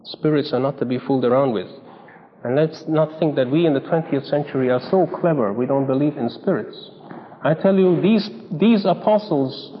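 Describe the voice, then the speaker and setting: Man preaching, high voice, long hall echo, muffled lo-fi recording, emphatic storyteller. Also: slight background noise. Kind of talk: sermon. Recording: dull lo-fi sound in a reverberant hall.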